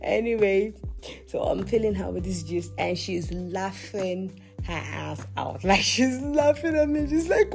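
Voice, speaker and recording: Woman, 20s, podcast host, confessional storytelling, talks to herself, lively pitch, faint music underneath. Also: a little slow, vocal fry. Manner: animated, self-talking, laughing asides.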